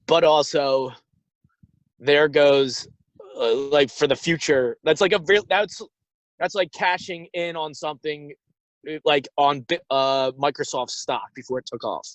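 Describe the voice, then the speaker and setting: A man's voice: on the high side, fairly even intonation, dry recording, low-quality recording. A young man co-hosting a podcast, rambling and riffing jokes while recording on a phone inside his parked car. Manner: rambling, riffing, quick to joke. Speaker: podcast co-host. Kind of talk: casual comedic chat. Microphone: phone held in hand.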